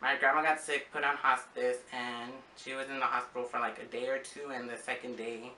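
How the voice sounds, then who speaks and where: A young man from Arizona talks through his year in a loose, rambling way, full of fillers and little restarts. His voice is bright and edged. The room around him rings with noticeable echo. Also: mid-range voice, flat delivery, brisk, distant mic, slight background noise. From Arizona, USA. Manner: rambling, with frequent fillers and acted-out quotes. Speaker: vlogger. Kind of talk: casual personal storytelling. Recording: echoey room.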